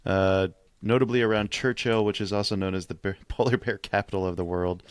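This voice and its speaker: A man co-hosting a history podcast. His voice is low and close, with a dry, deadened sound. He reads out trivia in a relaxed way and drops in offhand remarks. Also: a little fast, smooth, dry recording. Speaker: podcast co-host. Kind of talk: casual history chat.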